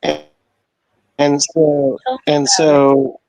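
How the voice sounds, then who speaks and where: A man calling into a live online discussion, speaking haltingly with many restarts over a laggy internet connection. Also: on the high side, big pitch swings, darkish tone, no echo. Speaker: caller. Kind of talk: casual chat. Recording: dull lagging internet call.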